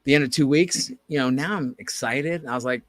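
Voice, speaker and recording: A man co-hosting a podcast, telling a story in casual chat and acting out the quoted dialogue with lively energy. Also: mid-range voice, a little fast, dry recording. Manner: animated, acts out quoted dialogue. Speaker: podcast co-host.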